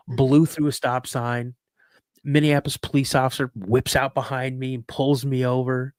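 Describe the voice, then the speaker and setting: An earnest man recounting a personal experience, halting and restarting as he holds back his emotions. His voice sits in an ordinary middle register. The recording is close and dry, with no echo. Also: medium pitch, flat delivery. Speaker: guest telling a personal story.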